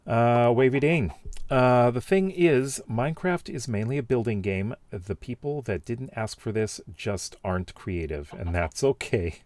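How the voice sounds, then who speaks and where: A man's voice: mid-range voice, a little slow, a little mellow, no room sound. A man casually reading out and reacting to viewer comments, rambling with many fillers and restarts. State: has the hiccups.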